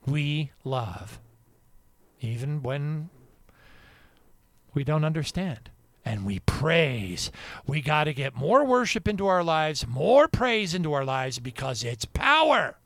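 A male talk radio host with a fairly high, lively voice that swoops up and down. He chuckles through his points and drifts into preachy asides, and he sounds dry and close to the mic. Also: takes it slowly, no room sound. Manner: chuckles often, preachy asides, trailing restarts. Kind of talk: casual Christian talk radio commentary.

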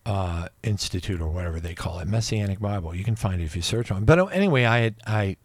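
A man in his fifties telling a personal religious testimony, rambling and emotional, with frequent restarts and excited outbursts. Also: fairly low pitch, quick pace, dry recording. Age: 50s. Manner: rambling with many restarts and asides. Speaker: religious video speaker.

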